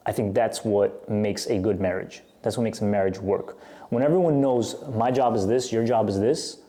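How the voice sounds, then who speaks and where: A man co-hosting a casual podcast who pushes back quickly and makes his points emphatically. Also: medium pitch, dark tone. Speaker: podcast co-host.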